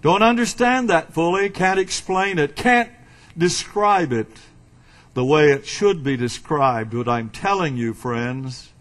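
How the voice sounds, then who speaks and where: A man preaches slowly and with weight, rising and dropping dramatically. His voice sits high and bright, with a very lively melody that swoops across each line. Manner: slow, emphatic preaching with dramatic swings in pitch and loudness. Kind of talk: sermon.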